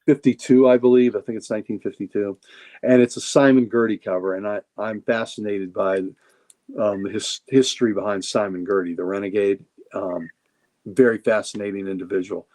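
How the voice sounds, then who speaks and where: A man's voice: on the low side, fairly even intonation, normal speed, warm tone. Enthusiastic rambling male comic collector. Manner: enthusiastic, rambling, repeats words. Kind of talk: casual livestream chat showing comics.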